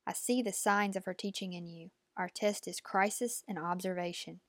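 A woman's voice: on the low side, normal speed, no room sound, lightly acted. Lady reading as a cold commanding old woman, clipped and bossy, dry recording. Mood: appraising. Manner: clipped, imperious. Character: stern ancient woman tester, cold and commanding.

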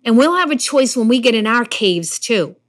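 A woman's voice: a little high, animated, normal speed. A woman preaching a sermon in an earnest way, sometimes acting out the lines of the figures in the story she tells. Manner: earnest, acts out the Bible figures' lines in quotes.

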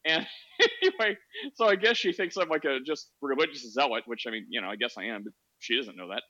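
A man's voice: mid-range voice, a little fast, sharp tone, dull audio. A man hosting a podcast, telling a story in a sarcastic, laughing, casual way on a social audio app. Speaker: podcast host.

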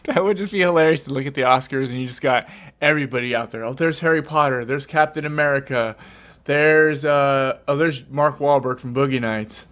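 A young man co-hosting a podcast, chatting casually and swearing, jumping into loud put-on voices. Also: medium pitch, a little fast. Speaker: podcast co-host. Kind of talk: casual chat.

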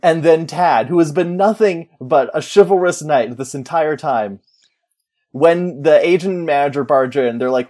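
A man's voice: medium pitch, normal speed, darkish tone. A man in casual chat, animatedly retelling a movie's plot and acting out the characters' lines. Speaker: podcast co-host.

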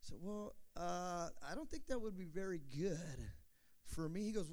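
A former youth pastor tells his testimony animatedly, acting out the dialogue and tossing in playful asides. His voice sits high, and he speaks at a moderate pace.

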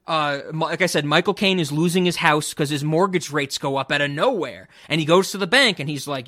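A young man hosting a casual podcast, giving a blunt, profane, animated review of a film. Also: a little high, a little fast, few pauses, dry recording, studio quality. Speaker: podcast host. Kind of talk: casual chat.

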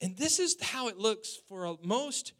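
A man in his forties, a pastor, preaching a sermon in an animated way, acting out quotes and laughing along with his own points. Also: sits high, measured pace. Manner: animated preaching, quoting people in acted voices, laughing.

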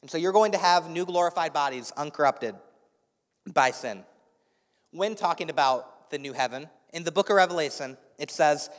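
A man preaching a sermon to a church congregation. He speaks earnestly with a slight lisp, often restarts his phrases, and softens his voice for guided reflection. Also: fairly high pitch, moderate pace. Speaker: pastor. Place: church sanctuary with a live congregation. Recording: long reverb of a large hall.

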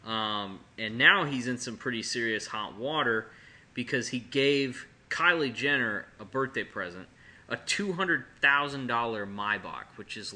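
A man's voice: fairly low pitch, sharp tone. A man in casual podcast chat, joking and rambling with frequent restarts.

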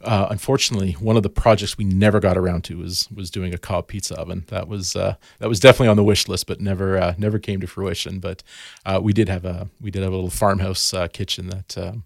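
A man's voice: deep voice, little pitch movement, fast, creaky, hardly any pauses, no room sound, studio quality. A man, a garden educator, talking casually as a podcast guest and telling stories with lots of restarts and fillers. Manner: storytelling, many restarts and fillers.

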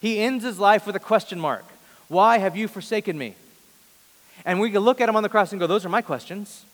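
A man in his thirties preaching a sermon before a large congregation, earnest, moving between loud emphasis and soft, hushed lines. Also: sits high, fast. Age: 30s. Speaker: pastor. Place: large church hall before a big congregation. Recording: long reverb of a large hall.

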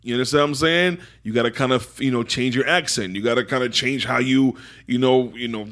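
Chill guy, american accent tho he grew up in england, talks easy and thoughtful, average pitch. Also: a little fast, fairly bright tone. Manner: laid-back, reflective, peppers talk with "man". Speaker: podcast guest, poet and entrepreneur. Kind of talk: casual conversational interview.

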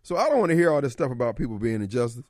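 A man's voice: medium pitch, big pitch swings, racing, a little mellow, no echo. A man hosting a call-in radio talk show, joking loosely in street slang with frequent laughter.

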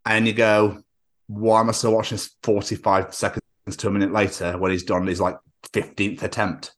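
A man's voice: lowish voice, normal speed. A man hosting a podcast, telling crude jokes and stories in casual banter, swearing a lot and laughing often. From England. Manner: sweary, laughing, animated storytelling. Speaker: podcast host.

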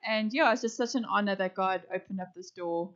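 A woman's voice: medium pitch, fairly quick, a bit bright, highs cut off. A woman with a South African accent introducing herself to a church, bubbly and heartfelt. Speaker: new church staff member.

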